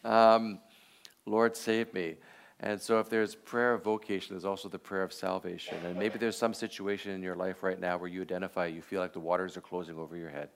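A man teaching a class, leading a guided meditation on a Bible passage in a reflective, unhurried way with frequent filler pauses. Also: deep voice, steady tone.

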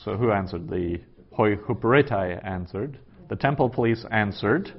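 A man teaching a class, working through a translation aloud in a halting way with many fillers. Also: lowish voice. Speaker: Greek teacher. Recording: dull lo-fi classroom recording.

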